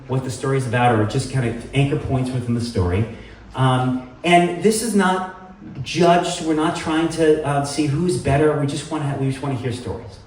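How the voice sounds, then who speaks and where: A man's voice: medium pitch, a little mellow, distant mic. Middle-aged man telling a story in an echoey hall. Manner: rambling, filler-heavy, self-deprecating humor. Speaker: storytelling show host. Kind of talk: live personal storytelling. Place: live venue with audience. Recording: echoey room heard from afar, faint noise.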